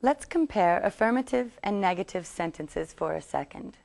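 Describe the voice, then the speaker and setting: A woman teaching English, reading a scripted lesson and saying model sentences slowly for learners to repeat. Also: lowish voice, animated, vocal fry, a little mellow. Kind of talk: scripted language lesson narration.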